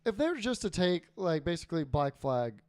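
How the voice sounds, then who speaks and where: A man co-hosts a gaming podcast, reading news with plenty of "uh" fillers. His voice sits a bit high and sounds smooth. The recording is dry and close. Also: very animated, moderate pace, darkish tone, no room sound. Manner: casual, many "uh" fillers, swears casually. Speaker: podcast co-host. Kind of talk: casual chat, reading game news.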